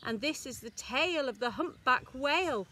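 A woman who teaches infant school reads a rhyming picture book aloud to young children. Her high-pitched voice is slow, sing-song, and expressive, leaning into every rhyme.

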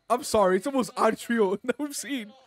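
A channel host giving casual commentary while reacting to an anime, excitable, laughing often and swearing freely. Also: mid-range voice, normal speed, soft background music.

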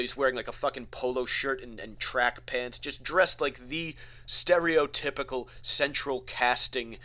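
Brief: male podcast host, comic rant, crude and mocking, bright forward tone. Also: medium pitch. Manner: profane, mocking, rambling with fillers. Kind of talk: comedic storytelling rant.

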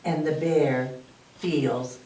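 A woman librarian reading a picture book aloud at storytime, expressive and inviting the children to join in. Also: low-pitched, drawn-out words. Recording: roomy, distant mic.

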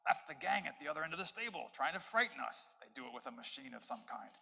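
A man's voice: on the high side, sing-song, fast talker, gravelly, breathy edge, in a large hall, heavily acted, rough recording. A man voicing a surly, scornful male dwarf in a read-aloud story. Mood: suspicious. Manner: scornful, shouting.

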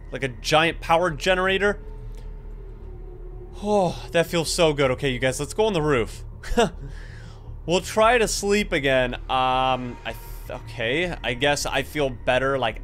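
A young man giving excitable, chatty gameplay commentary and talking straight to his viewers. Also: medium pitch. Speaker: gaming YouTuber.

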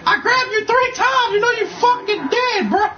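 Brash trash-talking woman, very high. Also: normal speed, a crowd in the background. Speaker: gamer. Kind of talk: loud gameplay commentary. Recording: dull capture with game music.

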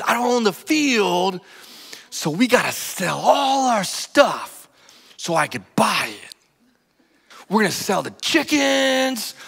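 A man acting out an excited farmer who found treasure, yelling to his wife and then dropping to a hush. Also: a little high, husky, exaggerated voice. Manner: shouting bursts then hushed whispers. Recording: long reverb of a church hall.

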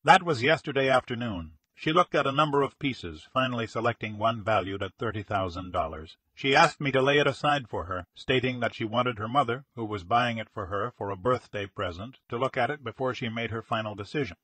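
An earnest young jewelry salesman, formal and insistent even while shaken, as an audiobook reader puts him on. His husky voice is slightly breathy and recorded dry and close. He lays out his account carefully. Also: medium pitch, fairly quick, few pauses, no echo. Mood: recounting. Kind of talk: audiobook character reading.

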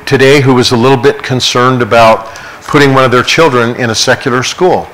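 Earnest middle-aged pastor teaching scripture. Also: male voice, medium pitch, a bit bright, slight background noise, poor audio. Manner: earnest, conversational preaching with personal stories. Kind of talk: Bible study teaching. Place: church.

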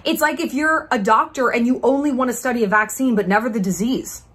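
A YouTube commentary host in her thirties delivers a casual monologue to camera, brash, profane, and dripping with sarcasm and mock-sweet, patronizing asides. Her voice is a little high, fairly quick, and fairly bright with a slightly rough edge.

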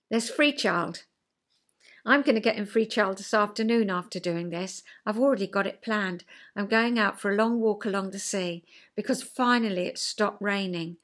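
A woman hosting a podcast, chatting about psychology and acting out quoted voices with sudden pitch jumps. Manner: chatty, checks in with listener. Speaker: podcast host. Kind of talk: casual chat explaining psychology.

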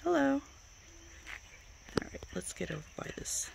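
A woman's voice: low voice, a little slow, gravelly, noisy background. A woman giving a casual, chatty tour of her home garden outdoors, pointing things out as she walks. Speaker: vlogger showing her garden.

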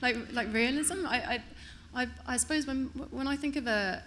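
A woman poet answers a panel question off the cuff and keeps searching for her words. She is hesitant and often restarts her phrases. Her voice is bright and forward. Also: high-pitched, moderate pace, a little hiss or hum. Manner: hesitant, many restarts and fillers.

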